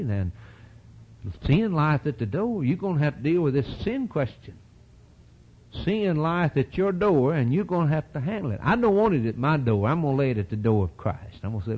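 A man preaching an impassioned sermon, with a folksy, repetitive cadence, surging to loud peaks and dropping to low, quiet asides. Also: sing-song, brisk, breathy edge, highs cut off.

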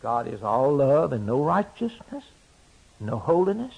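A man preaching a sermon, swinging between loud emphatic declarations and hushed, quiet asides. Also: mid-range voice, very animated, a little slow, vocal fry, breathy edge, low-quality recording.

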